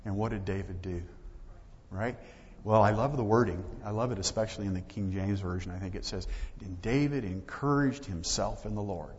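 A man's voice: fairly low pitch, moderate pace, a little mellow. A man preaching a sermon as pastor, talking conversationally and acting out little dialogues. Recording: dull lo-fi audio with long hall reverb.

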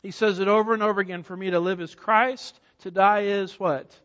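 Brisk and a bit bright, with fairly even intonation, a high-voiced preacher delivers an emphatic expository sermon, posing questions to the congregation and then answering them. The sound is somewhat muffled, with a long reverb tail from the church sanctuary.

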